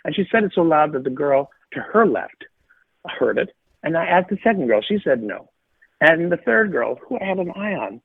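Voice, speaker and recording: A man's voice: high-pitched, husky, dry recording. A middle-aged man co-hosting a podcast, telling stories in an emphatic, casual way and repeating phrases for punch. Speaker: podcast co-host. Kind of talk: casual storytelling chat. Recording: tinny phone-like line.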